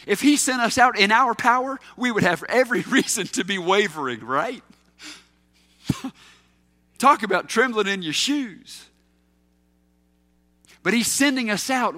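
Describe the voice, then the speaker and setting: A man's voice: high voice, bright, forceful tone, long reverb tail. A man preaching a sermon as a pastor, emphatic and teacherly, asking his listeners questions.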